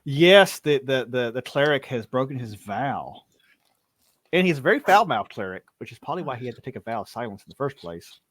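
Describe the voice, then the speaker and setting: A man's voice: medium pitch, big pitch swings, fairly quick. A man narrating as game master of a tabletop game, often repeating words as he goes.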